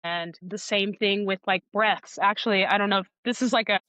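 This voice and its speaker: A woman audiobook narrator talking thoughtfully in an interview, pausing and restarting as she gathers her words. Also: mid-range voice, fairly even intonation, a bit bright, highs cut off. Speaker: audiobook narrator and podcast guest. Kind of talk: conversational interview.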